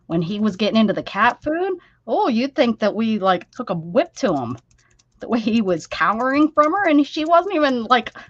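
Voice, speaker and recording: Chatty American woman, a bit high. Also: highs cut off. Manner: chatty, laughs often, teasing. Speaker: craft livestream host. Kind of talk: casual chat while crafting.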